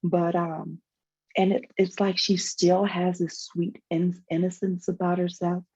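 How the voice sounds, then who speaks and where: A woman's voice: fairly low pitch, flat delivery, a little slow, a little mellow, husky, muffled recording. A woman sharing a personal story in a panel conversation, emotional and reflective, with many fillers and restarts, over a video call. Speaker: guest, foundation founder.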